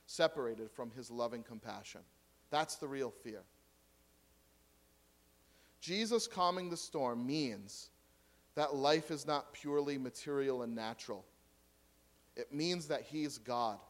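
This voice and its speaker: A man preaching a sermon to a congregation, swinging between loud emphatic points and quiet asides and questions. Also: medium pitch. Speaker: pastor.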